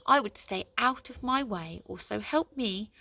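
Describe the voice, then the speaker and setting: Menacing storybook witch, read by a woman, slow and raspy. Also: medium pitch, expressive, sharp tone, exaggerated voice. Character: hot-tempered threatening witch woman.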